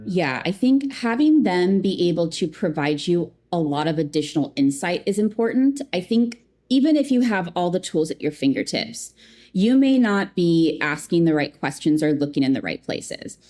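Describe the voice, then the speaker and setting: A woman in a customer experience role, chatting casually as an interview guest, animated and acting out little quotes. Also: on the low side, moderate pace.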